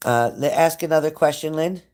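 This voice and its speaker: He sounds a little high and a bit mellow, with a clear, resonant tone and a brisk delivery. A psychic tarot reader live-streaming from home beside a glass sliding door, he talks straight to a viewer in a casual reading punctuated by chatty asides.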